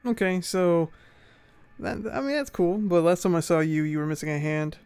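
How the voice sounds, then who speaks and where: A man's voice: a little high, moderate pace, a little mellow, clean tone, soft background music. A man playing a tabletop game, voicing his character with stern threats. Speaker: player.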